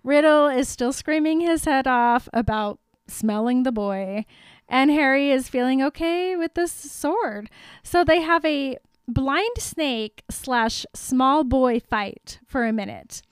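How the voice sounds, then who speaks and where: A woman's voice: high voice, takes it slowly, smooth, dry recording. A young woman, retelling a story as a podcast co-host in a giggly, playful way. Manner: giggly, playful, animated retelling with silly voices. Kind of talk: casual chat.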